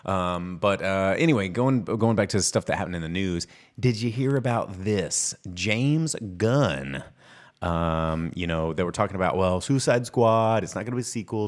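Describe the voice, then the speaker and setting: A man co-hosting a casual movie-news podcast from a studio, sarcastic and quick to slip into exaggerated voices. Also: low voice. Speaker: podcast co-host. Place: recording studio.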